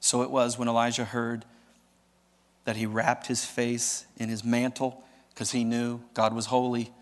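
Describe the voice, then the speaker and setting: A male pastor preaching a sermon in an animated, dramatic way, often asking the audience questions. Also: mid-range voice, measured pace, big-room sound.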